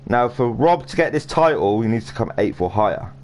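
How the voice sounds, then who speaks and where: Here a man's mid-range, darkish voice comes across animated and brisk while he loosely narrates a sim racing stream. It's rambling, talkative commentary packed with fillers and restarts, captured in noisy home stream audio.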